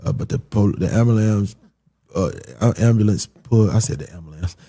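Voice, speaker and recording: Man, young adult, low gravelly voice, husky, casual storytelling, animated, swearing. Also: a little fast. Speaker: guest telling a story.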